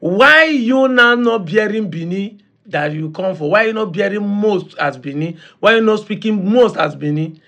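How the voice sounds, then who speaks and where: A man's voice: high-pitched, lively intonation, normal speed, vocal fry, pushed and bright. A Nigerian man with a Nigerian accent giving mocking reaction commentary, often laughing between points and mixing in Pidgin and Igbo.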